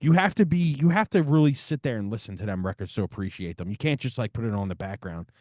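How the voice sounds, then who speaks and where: A man's voice: lowish voice, expressive, fast talker, darkish tone, no echo. Podcast co-host, man, middle-aged, foul-mouthed fan, dry studio sound. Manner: swears a lot, enthusiastic about records. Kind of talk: casual chat.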